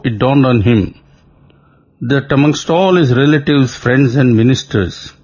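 A man narrating an epic story in a measured, formal scripted talk. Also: medium pitch, creaky, darkish tone, breathy edge. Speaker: narrator of a spiritual radio talk. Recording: dull lo-fi recording.

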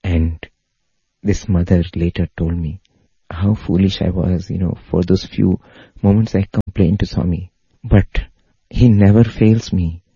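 A man giving a spiritual talk, telling a story in an unhurried way with fillers and repeats. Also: low-pitched, fairly even intonation, mellow, husky, no room sound. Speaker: spiritual speaker. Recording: dull lo-fi dry audio.

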